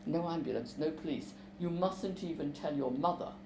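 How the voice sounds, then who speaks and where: A woman reading aloud as a teenage boy, pressing urgently in a low, hushed voice. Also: moderate pace, slight background noise, poor audio.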